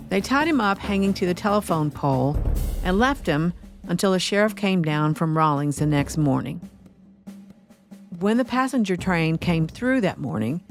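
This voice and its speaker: A woman hosting a history podcast, telling an old outlaw story in a steady way with wry asides. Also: lowish voice. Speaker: podcast host.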